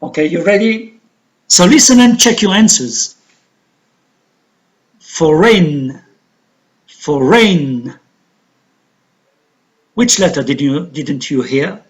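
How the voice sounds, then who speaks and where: A woman teaching an English lesson, saying each word slowly and repeating it carefully for pronunciation. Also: fairly low pitch, expressive, poor audio. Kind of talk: classroom lesson, slow and deliberate.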